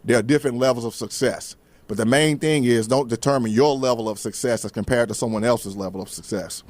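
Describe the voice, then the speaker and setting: A man's voice: mid-range voice, brisk, no echo. A man hosting a faith-based motivational talk show, speaking casually with folksy asides and frequent restarts. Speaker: host.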